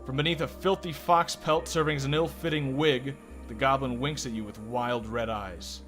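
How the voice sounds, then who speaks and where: A man's voice: medium pitch, steady tone, normal speed, hardly any pauses, a bit bright. A man streaming a card game, reading its text aloud and rambling with casual swearing. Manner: profane, rambling. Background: game music.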